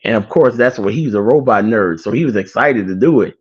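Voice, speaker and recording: A man casually retelling a movie plot, a little wheezy and out of breath, now and then acting out lines in a high excited voice. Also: fairly quick, slightly rough. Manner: animated storyteller, acts out quotes in a high excited voice. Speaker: online show host. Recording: dull lo-fi sound.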